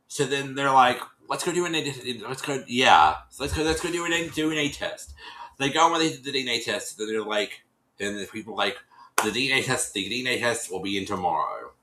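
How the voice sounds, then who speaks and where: A man talking through a reality show recap in a loose, chatty way, circling back over his own phrases and slipping into little voices for the people he quotes. His voice is bright and forceful, with a roomy echo around it. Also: mid-range voice, expressive, fairly quick. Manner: rambling, repeats and restarts phrases. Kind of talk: casual recap chat.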